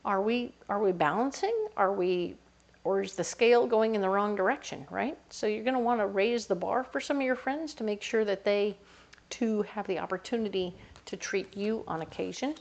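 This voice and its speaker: A woman talks through a tarot spread in a loose, chatty manner, as if she were chatting with a friend. Her voice sits at an ordinary middle pitch, and now and then she drops into small playful voices for the people in the reading. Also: moderate pace, muffled recording. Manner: chatty, acts out little quoted voices. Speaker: tarot reader.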